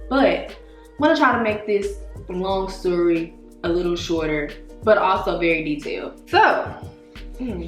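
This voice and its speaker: A young woman vlogging casually to camera about wellness, chatty and playful, dropping to murmurs as she eats. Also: on the low side. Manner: chatty and playful, drops to murmurs while eating. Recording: echoey room, faint music behind.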